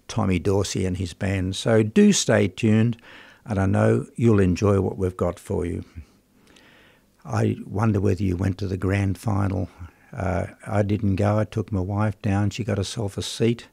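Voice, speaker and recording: A man presenting a radio music show in a chatty, unhurried way, with plenty of ums and uhs. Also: lowish voice, creaky, darkish tone, no room sound.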